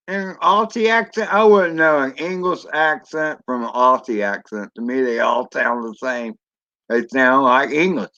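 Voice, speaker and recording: A man's voice: mid-range voice, moderate pace, bright, forceful tone, dull audio. A man chatting casually on a drone hobby live stream, rambling and answering viewers as he goes. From Florida. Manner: rambling, chatty, reads chat aloud.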